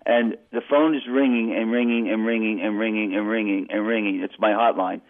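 A man telling an animated story as a guest calling into a radio show, stumbling and restarting as he goes. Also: fairly low pitch, a little fast. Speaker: phone-in guest. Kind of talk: casual storytelling on a phone call. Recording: tinny phone line on radio.

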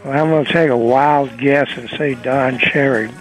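A man's voice: medium pitch, steady tone, normal speed, faint music behind, poor audio. Easygoing male caller from Louisiana. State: recovering from a cold. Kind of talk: phone-in chat.

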